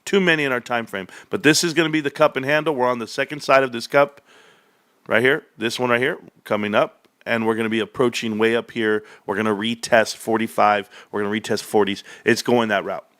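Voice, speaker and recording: A man hosting casual stock market commentary, animated and joking, calling his viewers bro. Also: medium pitch, a little fast, dry recording, clean studio sound. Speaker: stock market video host.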